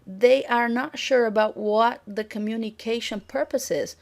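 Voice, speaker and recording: Woman lecturing clearly on intonation. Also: a little high, moderate pace, darkish tone. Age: middle-aged. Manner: clear, demonstrative, acts out example sentences.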